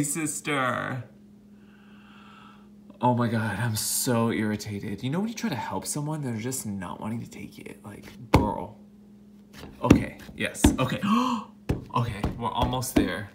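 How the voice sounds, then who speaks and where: Animated, exasperated young man vlogging. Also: mid-range voice, slow pace, pauses often, noisy background. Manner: dramatic, exasperated, slangy, drops to whispers and bursts into loud outcries. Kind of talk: casual talking to a wasp.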